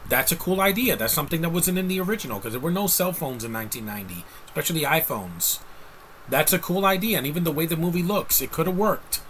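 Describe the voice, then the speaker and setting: A man's voice: a little high, animated, fast talker, a bit bright, slight background noise, low-quality recording. A man giving a casual, rambling movie review rant, blunt and exasperated, with frequent restarts.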